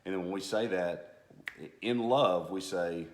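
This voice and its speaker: A very low-voiced man sharing a marriage talk in a halting, self-deprecating way, full of restarts. The sound is roomy and echoey. He is a pastor speaking alongside his wife. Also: slight background noise. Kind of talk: sermon-style couple talk. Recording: echoey room.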